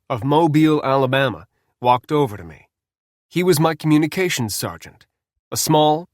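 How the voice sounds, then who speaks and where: A man reads a wartime memoir in a measured, deliberate voice at a middle pitch. The recording is close and dry, with no room sound at all. Each sentence is laid out steadily. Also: no echo. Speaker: narrator. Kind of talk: scripted narration.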